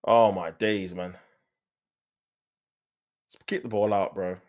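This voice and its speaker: A man with a lowish voice talks viewers through a football match as a live stream host. His commentary is casual and full of slang, and he turns exasperated when his side gives the ball away. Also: steady tone, slow, darkish tone.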